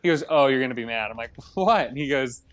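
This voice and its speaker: A man's voice: medium pitch, quick pace. Young male podcast co-host, chatty storyteller, mid-range voice, easygoing. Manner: chatty storyteller, acts out both sides of a story. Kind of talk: casual gaming podcast chat.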